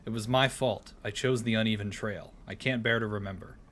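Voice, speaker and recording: A man's voice: fairly low pitch, steady tone, fairly quick, fairly bright tone, slight background noise, lightly acted. A man voicing a stalwart, sorrowful male moose while reading a storybook aloud.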